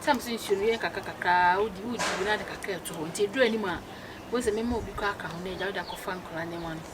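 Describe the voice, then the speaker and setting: A woman's voice: medium pitch, racing, background noise, natural voice. An actress with a Ghanaian accent playing a woman who insistently lectures her sister on saving money. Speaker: actress in a comedy series.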